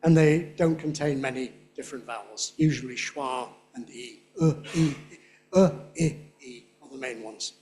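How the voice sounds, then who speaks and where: A man giving a conference lecture on speech. He talks in a chatty way, checks in with "yeah?" and says his examples slowly and clearly. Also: mid-range voice, dark tone. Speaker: guest lecturer on English phonetics. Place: lecture hall with an audience.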